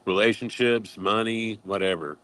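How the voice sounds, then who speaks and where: A man's voice: fairly low pitch, moderate pace, fairly bright tone. A man on a livestream panel, matter-of-fact and knowing. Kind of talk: casual livestream chat.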